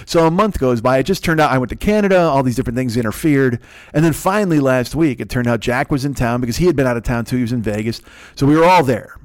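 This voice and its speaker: A man with a Chicago accent and a radio voice, hosting a solo comedic podcast rant, rambling and profane with frequent restarts. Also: medium pitch. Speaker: podcast host.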